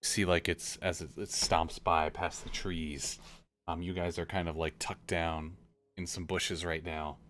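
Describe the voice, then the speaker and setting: A man's voice: deep voice, little pitch movement, a little slow, fairly bright tone, a little hiss or hum. A man acting as game master, narrating a tabletop game in a rambling way with many fillers and restarts.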